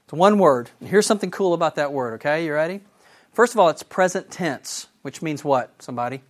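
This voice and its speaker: Animated man teaching the Bible. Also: on the high side. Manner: animated and enthusiastic, asks the audience questions. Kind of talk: sermon.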